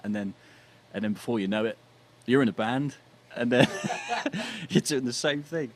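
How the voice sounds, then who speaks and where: A young British man talking as a guest musician in a casual podcast chat, easygoing and quick to laugh. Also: fairly low pitch, slight background noise. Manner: chatty, laughs easily.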